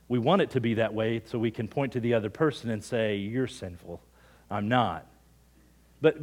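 A middle-aged pastor with a mid-range voice preaches a sermon, telling everyday stories with lively energy. For emphasis, he drops to hushed near-whispers.

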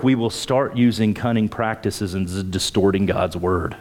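A pastor preaching a sermon, emphatic, with his pitch climbing on key points and repeating words as he starts phrases. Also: moderate pace, a little mellow.

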